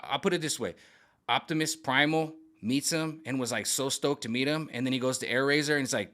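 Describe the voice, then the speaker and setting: A man casually pitching his own version of a film's story. He rambles, searches for words with many fillers, and keeps checking in with "right?" and "okay?". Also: fairly bright tone. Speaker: fan video creator. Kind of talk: casual pitch of a film rewrite.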